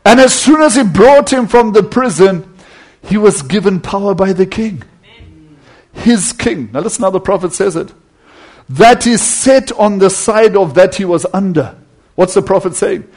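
A male preacher delivering a sermon with a rather high, slightly husky voice. He speaks emphatically, rising and falling, and drops to soft tones for quoted words. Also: expressive, normal speed.

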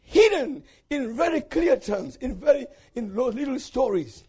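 A man preaching a sermon with passion, swinging from shouted peaks to hushed low passages and calling out questions to the congregation. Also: lively intonation, measured pace, breathy edge.

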